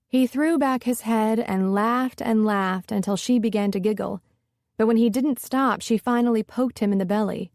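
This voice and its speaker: A woman narrating a romance audiobook with a smooth, steady reading. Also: fairly high pitch, normal speed, dry recording, studio quality. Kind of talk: scripted narration.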